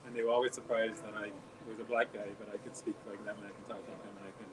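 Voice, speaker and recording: Man co-host, soft-spoken rambling storyteller, audible noise under his voice. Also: lowish voice, flat delivery, racing. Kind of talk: casual chat, telling a story. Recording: noisy home recording.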